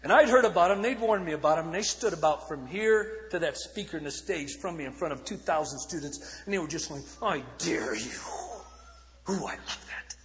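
A man preaching in a storytelling sermon style, swinging between shouted peaks and hushed passages. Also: fairly high pitch, lively intonation, a little fast, hardly any pauses, in a large hall. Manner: dramatic, shifting from shouts to hushed tones. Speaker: evangelist speaker.

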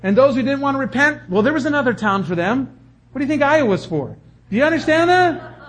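A man's voice: extremely high pitch, lively intonation, a little fast, a bit bright. A man preaching a sermon, reading scripture aloud and commenting on it, emphatic, often putting rhetorical questions to the congregation. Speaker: pastor.

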